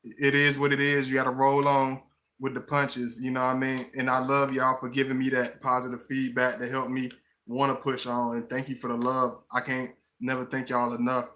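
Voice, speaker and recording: A man talking casually on a live stream with a bright, forward tone. His pitch stays flat and even as he rambles, restarting and repeating words. He keeps greeting his viewers by name. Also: moderate pace.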